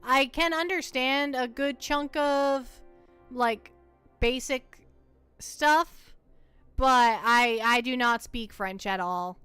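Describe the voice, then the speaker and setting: Playful, smooth-voiced woman streamer. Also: high voice, slow, bright, forceful tone, no echo, faint music behind. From United States. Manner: playful, chatty, teasing, repeats words as she talks. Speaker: livestreamer. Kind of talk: casual gameplay livestream chat.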